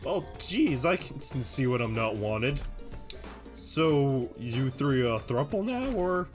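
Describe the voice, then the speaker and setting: A man voicing a nosy, chipper young man in a squeaky falsetto in a dating-sim game. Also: sing-song, slow, faint music behind.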